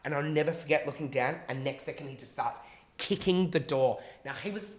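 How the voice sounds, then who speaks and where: A man with a somewhat high voice and a slightly quick pace spins a lengthy personal tale during a relaxed podcast chat. He's lively and profane, performs the quoted lines, and the room is echoey.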